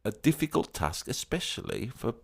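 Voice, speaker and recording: Animated, lively-pitched man. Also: moderate pace, creaky. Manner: animated, sings snatches of songs, laughs often. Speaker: podcast co-host. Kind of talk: casual chat about pop music.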